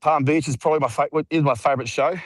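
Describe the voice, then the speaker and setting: A man's voice: on the high side, quick pace, dry recording, rough recording. A man with an Australian accent chatting laid-back and rambling on a video call while out walking. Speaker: regular guest. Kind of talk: casual video call chat. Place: outdoors, walking.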